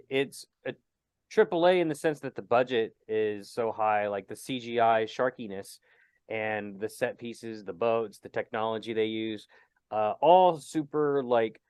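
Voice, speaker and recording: A man hosts a casual podcast chat in a smooth, even-toned voice. He teases his co-host and rambles through his points with plenty of fillers. The sound is dry and close, with no room around it. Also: lowish voice, measured pace, no room sound. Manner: joking, teasing, rambling with fillers.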